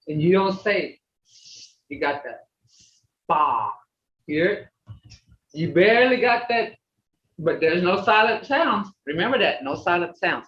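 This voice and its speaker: A teacher sounds out syllables in an unhurried drill, bright and clear in tone. The audio comes from a video call, roomy and muffled, with the speaker a little away from the mic. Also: medium pitch, expressive. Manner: slow, drawn-out syllable drilling. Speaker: language teacher. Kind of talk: online language class.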